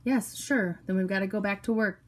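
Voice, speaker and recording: A woman's voice: mid-range voice, steady tone, brisk, close to an everyday voice. A woman doing a kind, commanding young cop. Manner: short firm commands. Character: calm male search-and-rescue police officer, kind and commanding.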